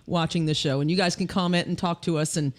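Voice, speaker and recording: A woman co-hosting a livestreamed podcast, chatty and quick to laugh and agree. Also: lowish voice, steady tone. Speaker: podcast co-host. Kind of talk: casual livestream chat.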